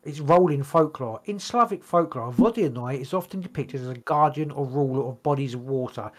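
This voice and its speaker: A podcast co-host reads his notes aloud in casual chat, stumbling over words and swearing casually. His mid-range voice has lively intonation and moves fairly quickly.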